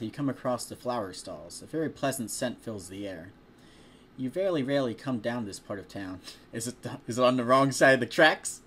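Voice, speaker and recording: A man's voice: lowish voice, a little hiss or hum. A man casually reading a fan story aloud, chatty and stopping now and then to joke about the text. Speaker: fanfiction reader.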